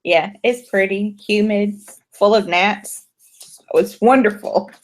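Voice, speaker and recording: A woman's voice: medium pitch, slow. Author lady from florida, casual chat, friendly, tells little stories. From Pensacola, Florida. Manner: friendly, storytelling with lively quoted voices. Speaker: author, interview guest.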